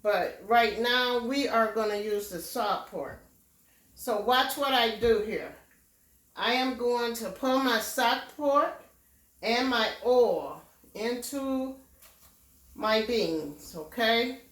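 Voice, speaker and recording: A woman with a slightly high voice talks very slowly and patiently as she cooks at home, pausing to check in with a homey "okay?" between steps. The sound echoes around the kitchen, and she stands a little way back from the mic. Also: fairly bright tone, distant mic. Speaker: home cook. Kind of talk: casual cooking demonstration.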